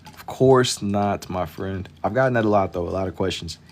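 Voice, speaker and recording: Low-voiced laid-back young man streaming. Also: quick pace. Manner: laid-back, slangy, kept quiet for late night. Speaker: live-stream artist. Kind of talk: casual chat with viewers while drawing.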